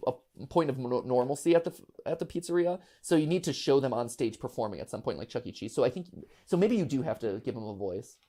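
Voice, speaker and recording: Brief: man, casual joking banter, mid pitch. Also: animated, fast, hardly any pauses, dark tone. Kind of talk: casual chat.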